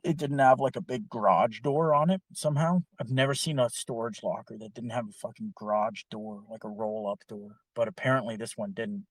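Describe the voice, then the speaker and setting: A young man telling a long story in a casual podcast chat, animated and heavy on swearing. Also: medium pitch, fairly quick, few pauses, no room sound. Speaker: podcast co-host.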